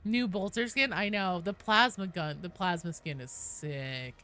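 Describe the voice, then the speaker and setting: A woman's voice: lowish voice, unhurried, sharp tone. A woman chatting casually with viewers and teammates while streaming a game, swearing, cheering and thanking followers.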